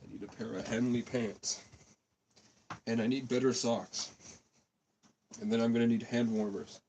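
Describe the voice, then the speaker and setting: A man's voice: mid-range voice, steady tone, moderate pace, a little mellow, a little hiss or hum, low-quality recording. A man doing a crude, absurd improvised livestream outdoors on a street, cold and coughing from cigarettes. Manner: absurd, silly, crude banter. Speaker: comedian livestreaming.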